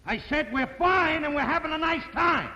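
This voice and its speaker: A man with an American accent playing a loud, blustery working-class guy in an old 1950s TV sitcom. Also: high voice, very animated, normal speed, muffled recording, exaggerated voice. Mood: insistent. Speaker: traveling contest winner. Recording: old TV audio, hissy, reverberant.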